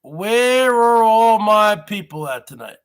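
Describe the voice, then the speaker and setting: Male livestream host, high voice, slow delivery, repetitive rhetorical questions. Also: big pitch swings, clear, resonant tone. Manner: addresses audience as folks. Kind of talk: rambling live-stream monologue.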